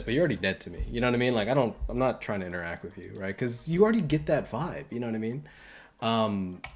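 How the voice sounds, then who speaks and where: A man's voice: mid-range voice, a little mellow. A young adult man talking casually on a livestream, rambling with many fillers and restarts. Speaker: livestream host and entertainment designer.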